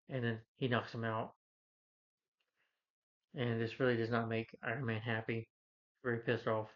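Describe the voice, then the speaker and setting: A man casually retells a movie's plot, full of fillers and quick quoted lines. His voice sits in the middle range. The recording sounds dull and lo-fi. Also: mid-range voice, flat delivery. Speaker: movie reviewer. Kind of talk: casual film recap.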